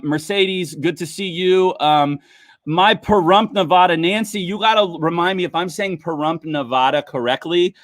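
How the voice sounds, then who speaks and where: A man's voice: fairly high pitch, a bit bright, dry recording, clean studio sound. A man hosting a casual livestream wine tasting, chatting upbeat with viewers. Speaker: livestream host.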